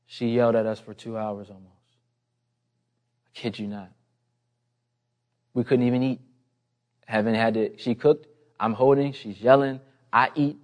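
A man's voice: steady tone, unhurried, pauses often. A man preaching a sermon, telling a personal story in a conversational way and building to an impassioned appeal. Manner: impassioned, rising in pitch and volume toward the end. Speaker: pastor.

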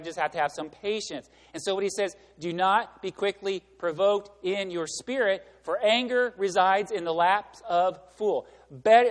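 Male pastor, fairly high voice, chatty storytelling sermon, lingering church reverb. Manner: conversational storytelling preaching with wide swings in loudness. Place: church sanctuary.

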